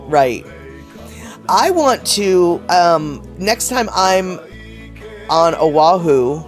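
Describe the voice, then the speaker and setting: A man hosting a casual livestream, reading chat messages aloud and rambling in a chatty way, laughing often. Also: fairly high pitch.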